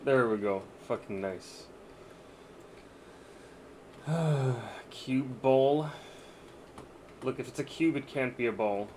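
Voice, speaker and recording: Slow-talking, exasperated male game streamer. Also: medium pitch, a little mellow, a little hiss or hum. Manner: exasperated, swearing, laughing outbursts. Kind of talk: live gameplay commentary.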